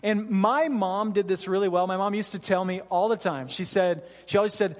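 A man's voice: sits high, moderate pace, long reverb tail. A man pastor giving an earnest, conversational sermon to his church, with frequent "you know" asides. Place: church hall.

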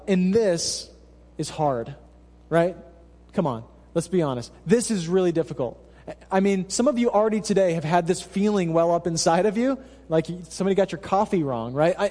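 A man's voice: high voice, mellow, in a large hall. A pastor preaching a sermon in a conversational, humorous way, turning to his congregation with asides. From Alaska. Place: church hall.

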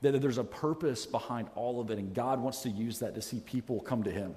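Speaking a little fast in a warm, mid-range voice, a male pastor delivers a sermon over a headset mic. The church sanctuary gives it a large-hall sound, and his earnest, self-deprecating delivery is full of restarted sentences.

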